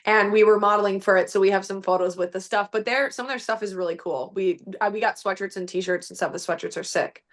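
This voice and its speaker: A young woman who plays hockey, a podcast guest talking in a relaxed, rambling way with lots of "like". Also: medium pitch, fast talker, few pauses. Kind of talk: casual chat.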